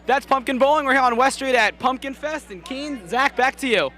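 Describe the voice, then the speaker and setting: A man's voice: very high voice, brisk, pushed and bright. Male field reporter at a street festival. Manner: casual, encouraging. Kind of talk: on-location reporting.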